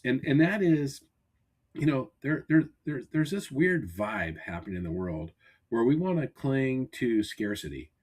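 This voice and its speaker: Husky-voiced man hosting a podcast. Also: mid-range voice, a little slow. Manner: energetic, coaching tone with frequent restarts. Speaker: podcast host. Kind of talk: casual podcast discussion. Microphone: remote call. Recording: glitchy remote call audio.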